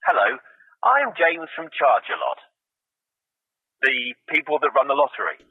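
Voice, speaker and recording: An English man delivering deadpan sketch comedy lines as a polite caller. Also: medium pitch, unhurried, husky, no room sound, narrow, tinny audio. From England.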